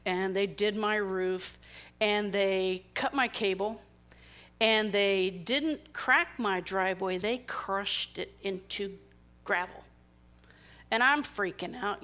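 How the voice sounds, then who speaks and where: A middle-aged woman giving a conversational sermon, telling personal stories and acting out the people in them. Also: mid-range voice. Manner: animated storytelling, acting out quoted people. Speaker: speaker.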